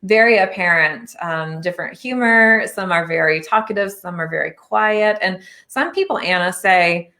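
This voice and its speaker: A woman's voice: on the low side, normal speed, hardly any pauses, sharp tone. A woman hosting a podcast about spirituality, talking in an enthusiastic and reassuring way in casual interview chat. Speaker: podcast host and spiritual medium.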